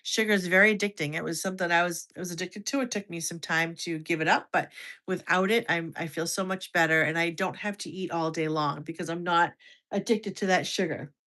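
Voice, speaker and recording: American woman, 50s, livestream host; lower-pitched, chatty, casual, restarts sentences and answers comments. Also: steady tone, fairly quick, a bit bright. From United States. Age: over 50. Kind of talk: casual livestream chat with viewers.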